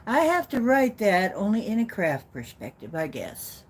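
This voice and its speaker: A woman with a flat Midwestern accent hosting a casual livestream, rambling and teasing herself playfully. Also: medium pitch, moderate pace, slight background noise. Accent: Midwestern American. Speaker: livestream host.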